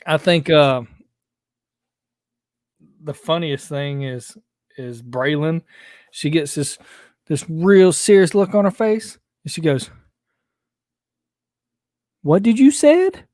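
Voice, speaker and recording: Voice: medium pitch, slow, long pauses, darkish tone, dry recording, clean studio sound. A podcast co-host in casual, joking banter. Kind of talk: casual chat.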